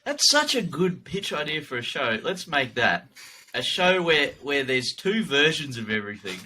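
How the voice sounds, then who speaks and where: Bright-voiced New Zealand man chatting. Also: a little high, normal speed, slight background noise. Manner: animated, profane, laughing along. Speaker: podcast co-host. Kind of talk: casual chat.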